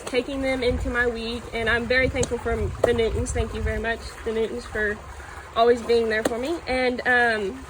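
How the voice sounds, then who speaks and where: Earnest woman, a touch high-pitched, telling her faith testimony haltingly, with a soft water trickle behind. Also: noisy background. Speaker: church youth member giving testimony. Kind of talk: personal testimony.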